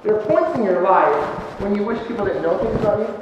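A man's voice: sits high, fast talker. Man preaching in an echoey church hall. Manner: conversational, animated, with many fillers and restarts. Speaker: pastor. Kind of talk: sermon storytelling. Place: church sanctuary. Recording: echoey church hall, dull sound, faint noise.

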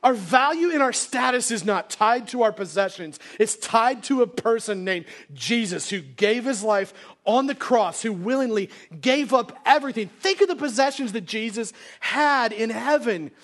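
A man's voice: very high voice, lively intonation, moderate pace, few pauses, a bit bright. A male pastor preaching a sermon to his congregation in a casual, conversational way, acting out quotes as he goes. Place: church sanctuary, live congregation.

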